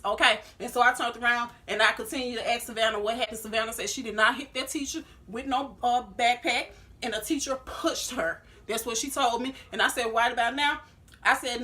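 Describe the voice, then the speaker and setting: Fast-talking bright woman in her thirties. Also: on the high side, fairly even intonation. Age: 30s. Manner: heated, reenacts her own arguments with lots of "I said". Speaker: vlogger. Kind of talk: storytime vlog.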